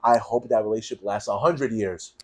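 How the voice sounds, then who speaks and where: A man's voice: fairly low pitch, a little fast, a crowd in the background. Blunt, profane young New York man. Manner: blunt, profane, animated storytelling. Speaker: podcast co-host. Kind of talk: casual chat.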